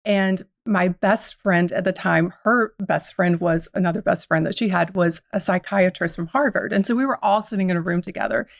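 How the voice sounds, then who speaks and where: A woman's voice: lowish voice, moderate pace, creaky, few pauses, no echo, studio quality. A woman from the South, speaking, tells her story reflectively as a guest in a podcast interview. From American South. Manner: reflective, uses quoted inner dialogue.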